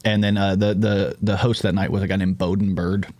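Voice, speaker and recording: A man's voice: low voice, level tone, a little fast, a little mellow, no room sound. A man hosting a podcast, rambling through jokey, profane casual chat. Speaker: podcast host.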